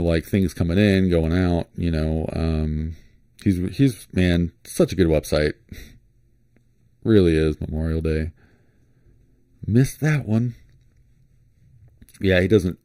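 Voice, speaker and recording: A man vlogging about flashlights, thinking aloud in a relaxed, rambling way with many fillers and restarts. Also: low-pitched, dry recording, studio quality. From Florida. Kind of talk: casual screen-share commentary.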